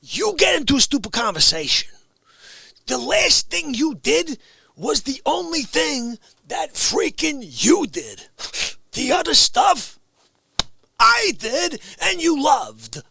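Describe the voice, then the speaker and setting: A middle-aged man hosting a livestream, chatting and ranting comically to viewers, dropping to whispers and jumping to shouts. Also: very high voice, slow pace, vocal fry, no echo. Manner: excitable, swings from whispers to shouts; playful comic ranting to the chat. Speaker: livestream host. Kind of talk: animated livestream chat.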